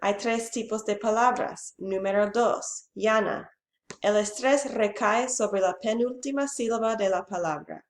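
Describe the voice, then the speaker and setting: Woman, language teacher, bilingual lesson, slow and clear, reverberant room. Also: mid-range voice. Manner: reads each Spanish phrase and then gives the English, slow and clearly spoken. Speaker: Spanish teacher.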